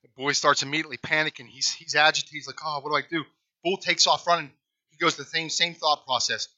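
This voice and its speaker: A man's voice: on the high side, fairly even intonation, fast, sharp tone, dry recording, highs cut off. A male pastor telling a folksy story in a conversational sermon.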